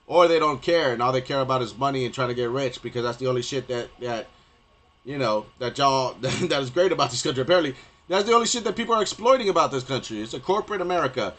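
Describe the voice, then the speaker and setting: A male streamer delivering a rambling, profane rant live, constantly repeating filler phrases and getting loud and heated at times. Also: mid-range voice, animated, fast talker. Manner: profane, rambling, repeats "you know what I mean".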